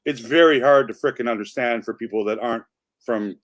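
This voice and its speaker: A man's voice: medium pitch, fairly quick, background noise. A man co-hosting a livestream, talking casually and rambling with lots of "like" and restarts. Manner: rambling, chatty, full of "like". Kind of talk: casual chat.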